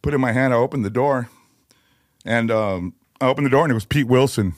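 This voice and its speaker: A man's voice: medium pitch, fast talker, no echo, studio quality. A man, a guest on a podcast, telling loose, rambling stories full of "you know" and "like" in casual conversation. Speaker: guest musician.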